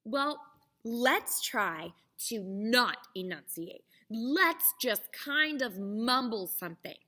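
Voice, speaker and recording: A young woman leads a children's theater lesson, encouraging and carefully enunciated. Her voice is bright and sits fairly high. She takes her time over each word. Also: lively intonation, slow pace. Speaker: theater teacher.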